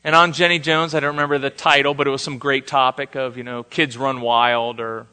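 A male preacher delivering a sermon as an animated storyteller who acts out the quotes. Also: mid-range voice, fairly quick, smooth, big-room sound.

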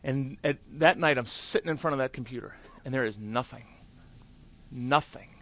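A man's voice: medium pitch, normal speed, fairly bright tone. A man preaching a conversational sermon, telling a candid, self-deprecating story with chatty asides. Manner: chatty with many fillers and asides. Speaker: pastor.

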